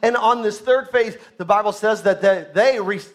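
A pastor with a high voice preaches at a normal speed, delivering his sermon emphatically. Loud bursts give way to soft asides, and he asks the congregation questions along the way.

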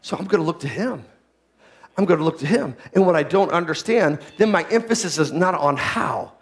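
A man preaching a sermon as pastor, swinging between loud, excited preaching and low, quiet asides. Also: fairly quick, creaky.

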